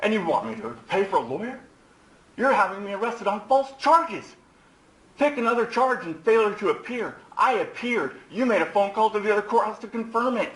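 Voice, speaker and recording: Hoarse man ranting in an echoey courtroom. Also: high-pitched, animated, brisk, fairly bright tone. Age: 40s. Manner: heated, accusatory ranting. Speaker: defendant. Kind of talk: courtroom address.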